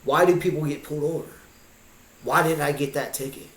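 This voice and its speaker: A man's voice: a little high, steady tone, fairly quick, fairly bright tone. A man vlogging a pondering monologue of rhetorical questions. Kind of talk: musing monologue. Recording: echoey room.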